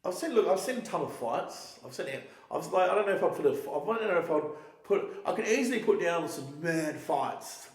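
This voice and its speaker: A man's voice: on the high side, lively intonation, brisk, echoey room. A young man in a casual street interview, telling stories in a rambling way, swearing freely and often restarting his sentences.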